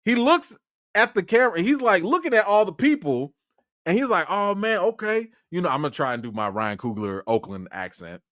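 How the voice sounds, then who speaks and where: A man from Chicago, a film critic, telling a story in an excitable, animated way on his livestream. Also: brisk, dry recording, studio quality. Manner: animated and excitable, with sudden jumps in pitch.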